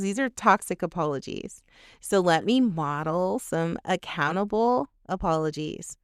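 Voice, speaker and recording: A woman's voice: on the low side, expressive, moderate pace, smooth, no room sound, clean studio sound. A woman hosting a podcast, talking frankly and emphatically in a candid solo monologue, with some casual cussing. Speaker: podcast host.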